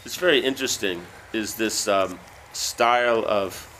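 A man reading a book aloud and breaking off into loose, halting asides full of fillers. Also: on the low side, bright, forceful tone, slight background noise. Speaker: reader.

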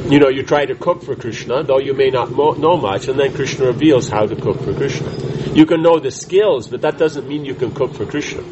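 Halting male scripture class teacher. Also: medium pitch, muffled recording, noisy background. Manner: halting restarts, keeps asking "right?".

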